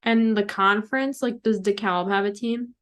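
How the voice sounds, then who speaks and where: A woman's voice: mid-range voice, a bit bright. Teasing woman podcast host. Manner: teasing, quick questions. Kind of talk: casual chat.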